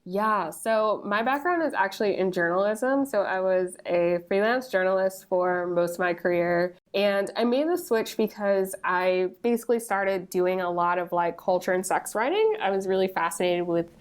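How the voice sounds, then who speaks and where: A woman guest on a podcast, talking in a relaxed, casual way with frequent laughs. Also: mid-range voice, moderate pace, few pauses, smooth. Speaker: guest, sex ed business coach. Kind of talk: casual interview chat.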